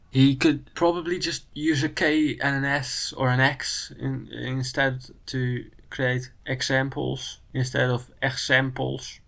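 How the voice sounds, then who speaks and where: Gravelly Dutch man, calm critique. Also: medium pitch. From Netherlands. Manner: measured, matter-of-fact critique. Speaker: video creator. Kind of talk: commentary on a spelling video.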